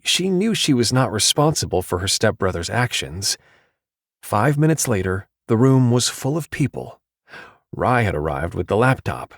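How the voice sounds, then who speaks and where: A man narrating an audiobook with a steady, measured delivery. His voice sits low, and the studio sound is close and dry. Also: dry recording.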